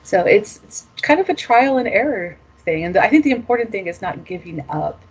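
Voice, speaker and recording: A woman from the United States, a former master's student, talking in a casual interview in a reflective way, with fillers and soft laughs. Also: mid-range voice, very animated, brisk, slightly rough.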